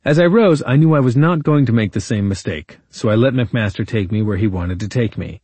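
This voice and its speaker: Male attorney-narrator for a true-crime audiobook; low, dry, measured and indignant. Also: lively intonation, a little mellow, breathy edge, dry recording. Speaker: attorney narrating his own case.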